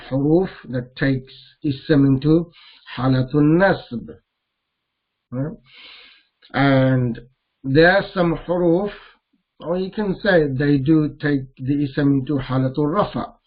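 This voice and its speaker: A man teaching a grammar lesson, explaining patiently and repeating key points. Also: on the high side. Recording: tinny phone-like audio.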